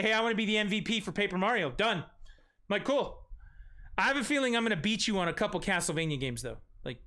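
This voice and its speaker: A man hosting a casual live stream in a high, bright voice. He rambles through the chat with profane, self-mocking asides, and his speech comes out smooth and clear. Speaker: stream host.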